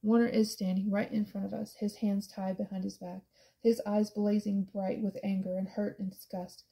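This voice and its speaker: A woman reading a novel aloud in first person, quiet and intimate. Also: mid-range voice, level tone, moderate pace, creaky, low-quality recording. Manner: quiet, intimate, dropping to soft whispers. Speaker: audiobook reader.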